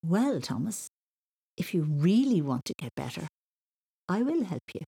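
Woman doing a thoughtful teacher, low husky voice, slow and steady. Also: heavily acted. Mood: kind. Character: kind, thoughtful female teacher.

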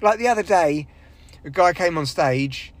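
Unhurried, with a slightly high voice and lively intonation, this young comic meanders through a solo podcast, cursing and putting himself down. When he impersonates others, his voice shifts dramatically.

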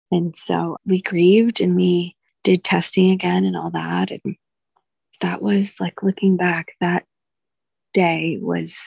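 A doula in her thirties, appearing as a podcast guest, candidly tells a personal story in a low, husky voice with a gravelly edge and a darkish tone. She's emotional and halting, often restarting her sentences, and the sound is close and dry.

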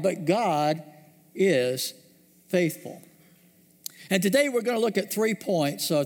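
A man preaching a sermon, telling a story and slowing down, dropping low to stress key words. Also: long reverb tail. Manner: storytelling, slows and drops low for emphasis. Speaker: pastor.

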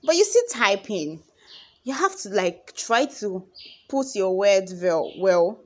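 A young woman with a Nigerian accent, talking casually to her followers in a chatty, expressive way. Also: medium pitch, slow. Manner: chatty and expressive, acts out conversations. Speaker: vlogger.

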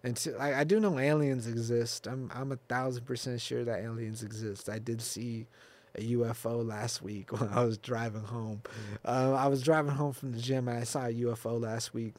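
A man's voice: medium pitch, a little mellow. A young man riffs alone on his podcast in a loose, unscripted ramble. He swears freely, laughs often and restarts his sentences as he chases one tangent after another. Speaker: podcast host. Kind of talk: casual solo podcast rant.

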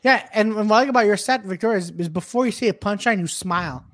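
A man's voice: sits high, quick pace, fairly bright tone. A man in a casual comedy chat, stammering and repeating words as he gives a fellow comic encouraging feedback. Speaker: podcast co-host.

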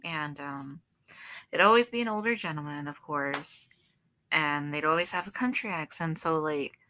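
A woman's voice: low voice, moderate pace, pushed and bright, no echo. A woman co-hosting a podcast, chatting casually with lots of fillers. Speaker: podcast co-host. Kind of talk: casual chat.

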